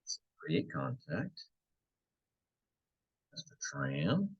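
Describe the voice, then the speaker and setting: A man's voice: very deep voice, huge pitch swings, extremely slow, gravelly, breathy edge, muffled recording. A man who works as a real estate agent, walking listeners through cold-calling habits in a coaching tone and checking in with frequent "right?" asides. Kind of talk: instructional walkthrough.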